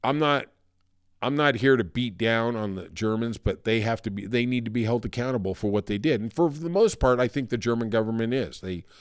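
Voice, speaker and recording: A man's voice: medium pitch, clean tone, dry recording, studio quality. A man hosting a solo political podcast, talking in a conversational, thoughtful way. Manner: conversational, thoughtful, turning somber. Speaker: podcast host.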